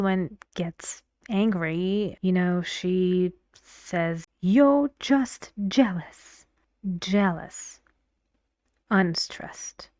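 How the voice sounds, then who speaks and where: Female pronunciation teacher, very slow, encouraging, dry close-mic delivery with half-whispered asides. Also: mid-range voice, a little mellow, no echo. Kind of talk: online pronunciation lesson.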